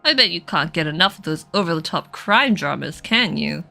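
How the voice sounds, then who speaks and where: A woman voicing a gruff, scornful older male suspect in a mystery game, speaking in a condescending, scolding way. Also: lowish voice, animated, moderate pace, sharp tone, soft background music, pitched below the performer's own voice, exaggerated voice.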